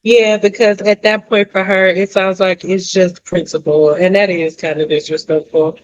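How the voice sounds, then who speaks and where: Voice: mid-range voice, little pitch movement, normal speed, highs cut off, slight background noise. Wry, laid-back reaction commentator.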